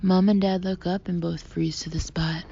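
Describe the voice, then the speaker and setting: Woman narrating a story, gravelly low-key voice, breathy half whispers, muffled audio w/ faint hiss. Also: little pitch movement, normal speed. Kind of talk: first-person audiobook narration.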